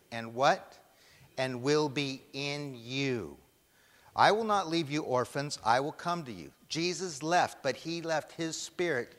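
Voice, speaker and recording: Slow emphatic preacher in a reverberant hall. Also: male voice, medium pitch, a bit bright. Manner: emphatic, asks the congregation questions and lets them answer. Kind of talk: sermon.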